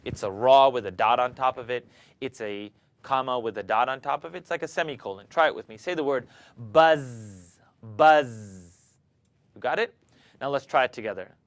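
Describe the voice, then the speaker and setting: A man teaching Quran recitation, calmly demonstrating letter sounds and asking students to repeat after him. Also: medium pitch, fast talker, dry recording. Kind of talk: pronunciation lesson.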